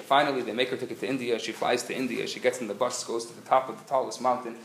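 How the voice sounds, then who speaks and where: A man speaking as a rabbi, giving a live lecture and telling jokes with lively storytelling. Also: mid-range voice, fast talker, hardly any pauses. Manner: animated joke-telling storyteller. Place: community center lecture hall. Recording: echoey hall, faint noise.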